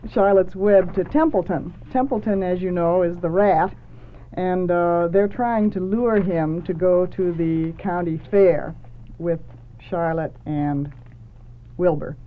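Speaking slowly in a lowish voice, a woman hosts a talk about books. She comes across as thoughtful and earnest, heard through a tinny, phone-like line.

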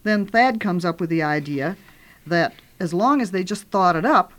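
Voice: mid-range voice, expressive, normal speed, a bit bright. Homey storyteller reading aloud. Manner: homey, conversational asides. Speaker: author reading and discussing their own book. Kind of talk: storytelling and book talk.

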